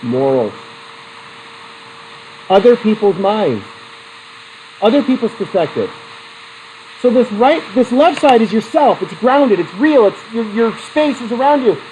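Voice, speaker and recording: Taking his time and pausing often, a middle-aged man in a high voice lectures a psychology class, animatedly quizzing students and telling anecdotes. The poor audio has slight background noise.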